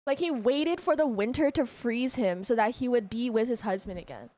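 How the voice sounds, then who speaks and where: A woman streamer casually retelling a story to her viewers, animated and emotional, often laughing. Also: fairly high pitch, normal speed, no room sound.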